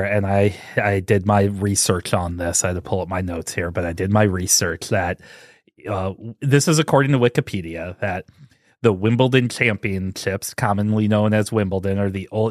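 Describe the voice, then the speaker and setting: A man's voice: fairly low pitch, dry recording, clean studio sound. A man co-hosting a casual podcast, blunt and sarcastic, prone to ranting. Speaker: podcast co-host. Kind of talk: casual chat.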